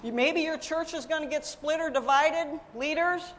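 A middle-aged woman preaching a sermon, telling her own story with emphatic swings between loud and soft. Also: high voice, moderate pace, long reverb tail, a little hiss or hum.

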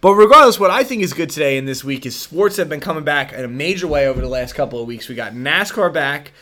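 A young American man hosting a podcast, talking in a loose, animated way with lots of swearing. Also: on the high side, quick pace. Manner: animated, swearing, puts on silly accents. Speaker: podcast host. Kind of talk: casual chat.

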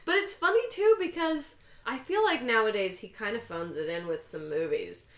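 A woman's voice: medium pitch, lively intonation, normal speed, a bit bright, roomy sound. A woman co-hosting a casual chat, retelling a story and acting out the characters' lines. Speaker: podcast co-host recapping a film.

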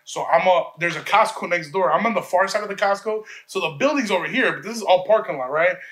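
A man from Chicago tells a rambling, profanity-laced story in casual talk. His voice sits high and bright, and he stumbles through restarts while acting out what others said. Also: fast talker. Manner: profane, rambling, restarts often, acts out quotes.

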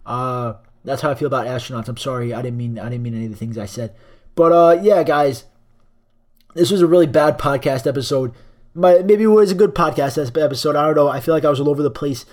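A man's voice: mid-range voice, fast, a little mellow. A young man hosting a solo podcast, rambling through a crude, profane comic rant into a cheap microphone. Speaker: podcast host.

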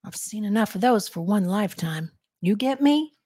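A woman voicing a gruff middle-aged male Texas deputy with a Southern drawl, stern but fatherly. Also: mid-range voice, expressive, moderate pace, mellow, no room sound, clean studio sound, lightly acted. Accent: Texan Southern.

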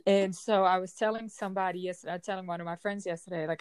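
A woman in her forties speaking in an emotional personal monologue, heated and frustrated, with forceful outbursts. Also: on the low side, steady tone, rapid-fire, smooth, dry recording. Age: 40s.

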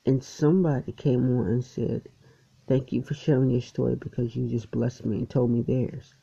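Earnest male storyteller with a husky, gravelly tone, emotional and halting, muffled lo-fi sound. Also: mid-range voice, level tone, warm tone. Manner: earnest, emotional, repeats and restarts phrases. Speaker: poet sharing testimony. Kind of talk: personal storytelling. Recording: dull lo-fi recording.

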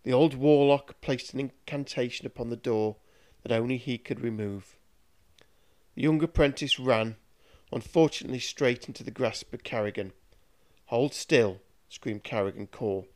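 Male storyteller, mid pitch, measured dramatic reading of a dark tale.

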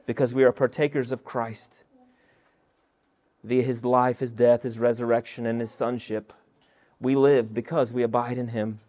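A man's voice: medium pitch, darkish tone. A male pastor preaching an expository sermon, reading scripture verses aloud and asking the listeners rhetorical questions.

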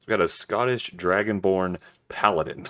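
A man's voice: low-pitched, normal speed, sharp tone. A young man in a tabletop game session, reading out equipment lists and adding dry jokes. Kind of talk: casual chat.

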